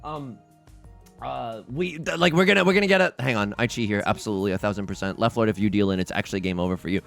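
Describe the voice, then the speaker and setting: A man with a sore throat, giving excitable, jokey, self-mocking commentary while playing a game for his channel. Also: fairly low pitch, quick pace, creaky, faint music behind. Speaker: let's play host. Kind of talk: casual gameplay commentary.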